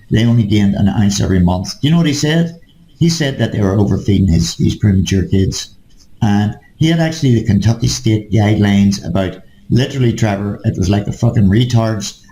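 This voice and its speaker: A man's voice: mid-range voice, mellow, roomy sound, rough recording. A man in casual chat, ranting and swearing, repeatedly calling his listener mate. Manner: ranting, profane, keeps addressing the listener as mate.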